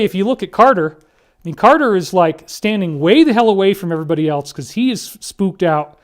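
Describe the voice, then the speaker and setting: A man talking through a series of photos in an earnest, emphatic monologue, often addressing listeners directly. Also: high voice. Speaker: commentator.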